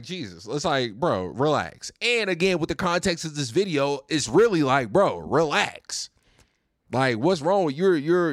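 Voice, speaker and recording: Young guy ranting on his podcast, high voice that jumps all over, dry close sound, lots of swearing. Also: no room sound. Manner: profane, animated, repeats himself. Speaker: podcast host. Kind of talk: casual rant.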